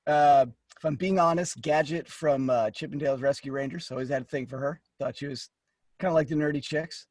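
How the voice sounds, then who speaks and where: A man's voice: a little high, fairly even intonation, brisk, a little mellow, no echo, studio quality. A man co-hosting a comedy podcast in casual chat, defensive and often trailing off into a mumble. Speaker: podcast co-host.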